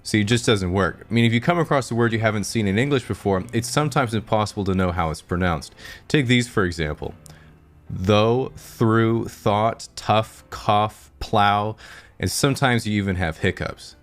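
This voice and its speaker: A man with a Pacific Northwest American accent giving scripted comedic narration in a dry, deadpan, sarcastic way. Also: on the low side, quick pace.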